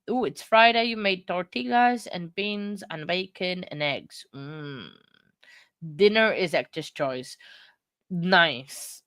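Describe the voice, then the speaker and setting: A woman's voice: mid-range voice, a bit bright, no echo. A woman hosting a livestream, chatting casually and reading viewer comments aloud in a rambling, self-deprecating way. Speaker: livestream host.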